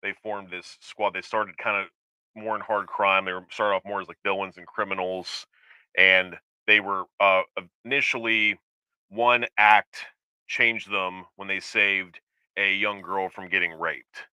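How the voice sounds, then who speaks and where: A man chatting casually as a show's co-host, his voice low yet very bright and forceful. He rambles, trailing into fillers and restarting his sentences, and his tone stays smooth and clear. The sound is dry and close to the mic. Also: steady tone, unhurried, no room sound, rough recording. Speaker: podcast co-host. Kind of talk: casual chat.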